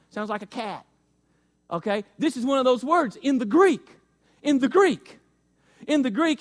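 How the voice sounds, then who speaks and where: A man's voice: sits high, expressive, unhurried, pauses often. A man pastor preaching a folksy sermon, repeating phrases for emphasis and speaking straight to his congregation.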